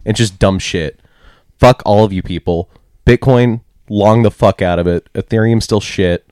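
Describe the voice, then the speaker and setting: A man's voice: on the low side, moderate pace, a little mellow, dry recording, clean studio sound. A man co-hosting a podcast, ranting bluntly and profanely in a casual segment. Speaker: podcast co-host with a crypto segment.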